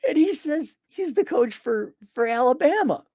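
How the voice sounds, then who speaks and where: Man, middle-aged, rambling casual storytelling, swooping lively pitch, dry close sound. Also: moderate pace, no room sound. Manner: rambling, self-mocking, sarcastic asides. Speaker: podcast host.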